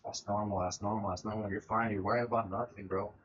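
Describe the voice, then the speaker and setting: A young man quoting his calm elderly grandmother as she tells him not to worry, in a soft, matter-of-fact tone. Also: sits low, quick pace, muffled recording, voice pushed down. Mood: calm reassurance.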